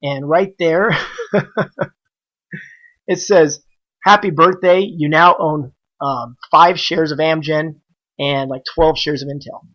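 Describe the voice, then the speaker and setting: A man, a podcast guest and trader, telling the story of how he started out in a casual, animated way and acting out the dialogue he quotes. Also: on the high side, slow pace, long pauses, highs cut off.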